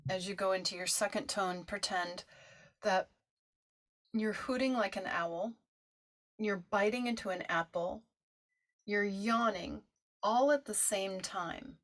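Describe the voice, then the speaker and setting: A woman teaching a vocal toning practice, talking listeners through it in a gentle coaching way and showing the sounds herself. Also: fairly even intonation, slow, long pauses. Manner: gentle coaching, demonstrates high owl-like hoo tones. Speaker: meditation teacher. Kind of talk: guided toning instruction.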